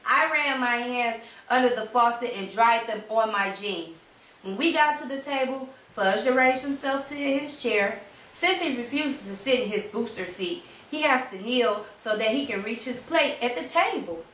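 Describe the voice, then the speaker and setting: A woman reading a children's storybook aloud in a clear, expressive narration. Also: fairly high pitch, normal speed. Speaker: reader. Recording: roomy, distant mic.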